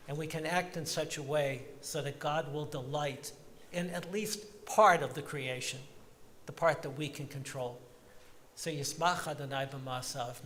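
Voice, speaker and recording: A man giving a reflective talk to his congregation in a synagogue, slowing down to stress sung phrases. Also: fairly high pitch, a bit bright, in a large hall, a little hiss or hum. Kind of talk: sermon-like reflection. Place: large synagogue sanctuary.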